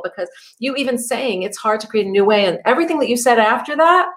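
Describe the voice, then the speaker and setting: Middle-aged woman as a chatty acting coach leading a group session. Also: fairly high pitch. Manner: conversational, peppered with "you know" and "right?".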